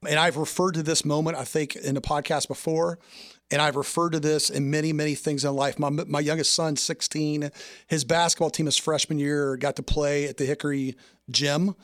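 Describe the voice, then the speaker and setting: A man's voice: on the high side, little pitch movement, normal speed, dry recording, clean studio sound. A man hosting a podcast interview who asks enthusiastic, rambling questions. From Indiana. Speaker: podcast host. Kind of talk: conversational interview.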